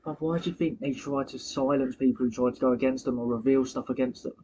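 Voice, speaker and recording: A man's voice: mid-range voice, steady tone, fast, warm tone, dull audio, a little hiss or hum. A young man, insisting on his theories in casual podcast chat, swearing along the way. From United Kingdom. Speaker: podcast co-host.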